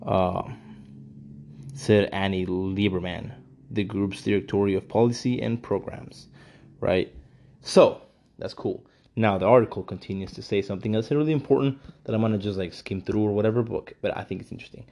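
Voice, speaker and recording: A man's voice: fairly low pitch, normal speed, warm tone. A man giving ranting commentary while reading from a news article, heated and profane, often repeating himself.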